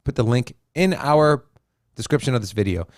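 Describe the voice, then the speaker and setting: Male host, mid pitch, easygoing chart talk with banter, dry close mic. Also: lively intonation, normal speed, no echo. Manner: loose and joking, repeats himself. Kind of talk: casual crypto chart talk.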